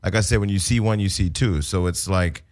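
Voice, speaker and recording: A man with a very deep voice hosts an interview, asking calm and probing questions. He speaks in an even conversational way. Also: fairly quick. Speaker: podcast host.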